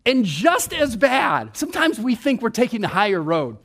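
A man preaching a sermon, playful and animated, acting out his own thoughts and dropping to a hush on scripture. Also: high voice, normal speed. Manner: animated, playful, mimics himself and others, drops to a hushed tone on scripture. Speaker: pastor.

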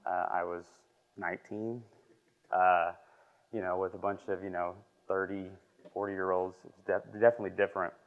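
Young man, lowish voice, halting emotional testimony, church classroom, muffled lo-fi sound. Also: level tone. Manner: halting, emotional, filler-heavy. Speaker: lay preacher. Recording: muffled lo-fi recording.

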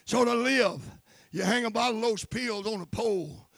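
A man preaching a sermon, swinging from quiet asides to fervent shouting and calling on the congregation for amens. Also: high voice, normal speed, dry recording.

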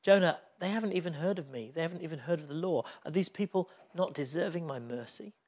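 A man preaching speaks as a patient, compassionate divine father figure, reasoning gently and earnestly. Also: fairly high pitch, quick pace, close to an everyday voice. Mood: pleading.

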